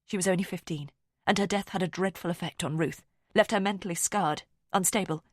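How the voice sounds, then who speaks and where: A woman's voice: fairly low pitch, brisk, no room sound, studio quality, close to an everyday voice. A woman reading an audiobook, voicing a brittle, defensive young woman. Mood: guarded.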